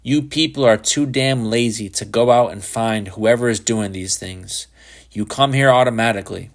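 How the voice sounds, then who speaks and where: A man's voice: lowish voice, normal speed, close to an everyday voice. A man voicing an earnest, self-righteous grown man who speaks indignantly and harshly in a storybook reading.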